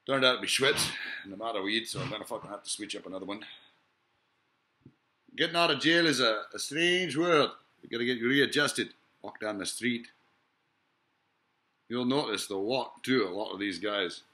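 A man's voice: medium pitch, normal speed, pauses often, bright, forceful tone. A man in a rambling, profane monologue, full of hesitations and rhetorical questions. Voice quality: profane, rambling, lots of filler sounds. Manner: digressive, musing, asks rhetorical questions.

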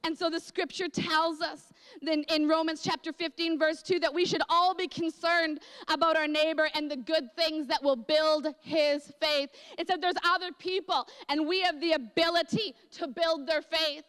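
A woman's voice: high voice, fairly even intonation, normal speed, a bit bright. A woman pastor preaching a sermon, telling a personal story with dramatic emotional swings. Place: large church hall. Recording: echoey church hall.

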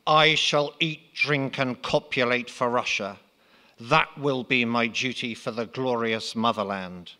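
A man's voice: medium pitch, unhurried, bright, forceful tone. A man voicing a feckless, self-important young Russian nobleman who speaks grandly. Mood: grandiose.

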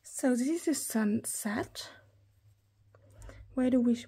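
A woman in her thirties chatting through an unboxing haul, gushing and excitable, often talking straight to her viewers. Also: sits high, slow, breathy edge. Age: 30s. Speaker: planner hobby vlogger.

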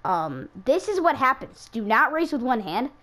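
A woman's voice: high-pitched, sing-song, moderate pace, bright, forceful tone. A woman giving casual, self-mocking running commentary while she plays a racing game, exclaiming whenever cars crash. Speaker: gaming YouTuber racing in an online league.

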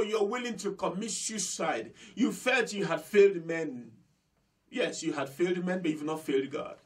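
A man's voice: sits high, distant mic. A man preaching a sermon as pastor. He is fervent, repeats phrases for emphasis and speaks straight to his listeners. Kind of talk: impassioned sermon.

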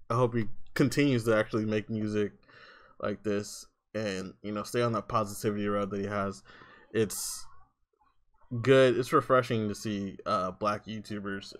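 A man's voice: on the low side, fairly bright tone. A man hosting a reaction video who talks in a rambling, hesitant way, with lots of fillers and restarts, and laughs easily. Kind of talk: casual reaction commentary.

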